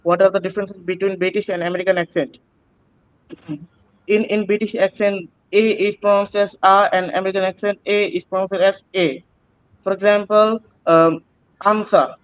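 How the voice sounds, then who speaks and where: A man answering oral exam questions, halting and hesitant with many pauses and restarts. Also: sits high, little pitch movement, clear, resonant tone, no room sound, poor audio. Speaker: student taking an oral exam.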